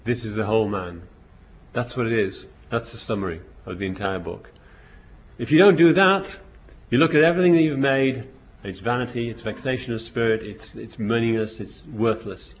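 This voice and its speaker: A man's voice: medium pitch, moderate pace. A man preaching a sermon, reading scripture verses aloud and then explaining them, with frequent restarts and bursts of emphasis. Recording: dull lo-fi recording.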